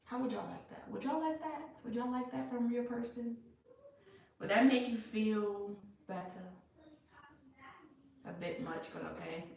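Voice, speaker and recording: A woman's voice: mid-range voice, normal speed, fairly bright tone. A woman giving a casual tarot reading to her viewers, talking emphatically and bluntly with lots of rhetorical questions. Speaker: tarot reader. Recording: echoey room, far from mic.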